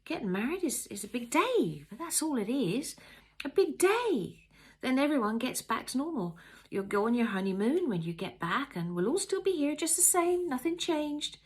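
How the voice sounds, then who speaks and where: A woman reading aloud, voicing a teasing young bridesmaid with a husky, gravelly voice. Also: high voice, big pitch swings, normal speed, voice pushed up, full character voice. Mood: soothing.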